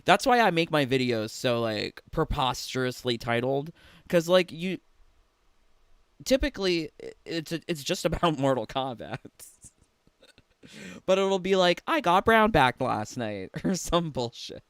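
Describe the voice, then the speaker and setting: A man tears into a gaming video with profane, mocking commentary and keeps breaking into laughter. His voice sits a little high and sounds smooth and resonant. The sound is dry and close, with no room around it. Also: lively intonation, unhurried, dry recording. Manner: mocking, laughs often, swears freely.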